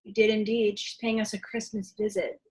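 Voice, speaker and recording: A woman's voice: mid-range voice, little pitch movement, brisk, a little mellow, lightly acted. A young woman playing a wry, patient secretary in a school play over a video call, with dry delivery. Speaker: student actor.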